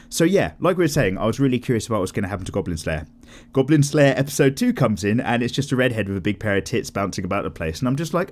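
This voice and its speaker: Animated rambling man chatting. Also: mid-range voice, fairly quick. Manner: rambling, animated, swears casually, acts out quotes. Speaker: art channel host answering comments. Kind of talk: casual chat while drawing.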